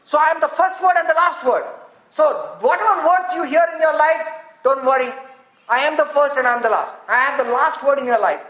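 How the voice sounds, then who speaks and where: Woman preacher, high voice, animated, roomy echo. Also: fairly quick. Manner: animated, laughs often, rises to shouts. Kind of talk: sermon.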